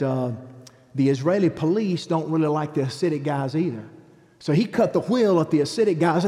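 Evangelist, middle-aged, animated storyteller, warm-toned, big hall reverb. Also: male voice, on the high side. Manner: animated storyteller acting out quotes. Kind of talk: preaching testimony.

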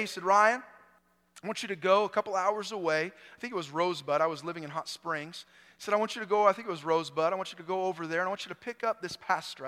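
Pastor, 40s, male, high tenor with a bright edge, earnest sermon delivery in a reverberant hall. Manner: earnest, swings from loud emphasis to hushed storytelling.

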